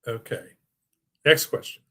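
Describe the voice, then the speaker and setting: A man's voice: unhurried, fairly bright tone. Older guy hosting a money webinar, salesy and eager, lots of false starts, answering viewer questions. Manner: enthusiastic salesy pitch with many restarts. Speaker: financial advisor hosting a webinar. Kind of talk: presentation and live Q&A.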